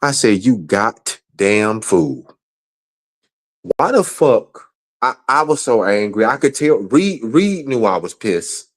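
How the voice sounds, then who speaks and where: A man's voice: medium pitch, big pitch swings, a little slow. A man angrily ranting on a livestream, profane and repeating himself. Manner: angry, profane, repetitive. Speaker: guest. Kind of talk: heated livestream rant.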